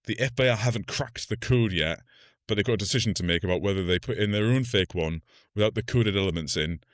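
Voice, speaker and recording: Low-voiced man recapping a film. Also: fast talker, no room sound, studio quality. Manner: recaps plot loosely with many likes. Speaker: podcast co-host. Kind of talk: casual film discussion.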